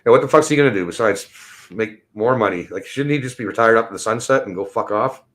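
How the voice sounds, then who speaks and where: A man's voice: on the low side, fast, fairly bright tone. A man ranting casually and bluntly on a livestream, swearing often and drifting from topic to topic. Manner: profane, rambling and blunt. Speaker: livestream host.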